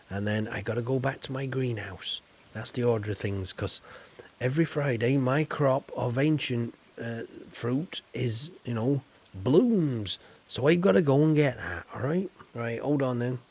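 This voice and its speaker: A man's voice: medium pitch, normal speed, darkish tone. A man from England, chatting casually while streaming a game. He rambles in a chatty, playful way. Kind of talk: casual live gameplay chat.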